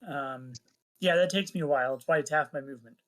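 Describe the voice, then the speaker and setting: A player in a tabletop game who calmly talks through his moves and thinks aloud. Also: medium pitch, quick pace. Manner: matter-of-fact, thinks aloud. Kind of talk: casual tabletop game chat.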